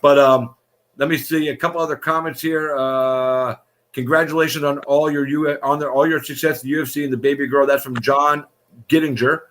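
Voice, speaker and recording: A man's voice: on the high side, fairly even intonation, moderate pace, fairly bright tone. Effusive male live-stream show host. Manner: effusive, rambling, swears casually. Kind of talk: casual live-stream interview chat.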